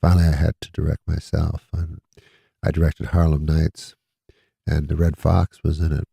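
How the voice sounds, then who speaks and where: A man imitating a calm, soft-spoken male film star who talks slowly and peacefully in a hushed voice. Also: a bass voice, creaky, slightly rough, no room sound, clean studio sound, pitched below the performer's own voice, exaggerated voice. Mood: serene.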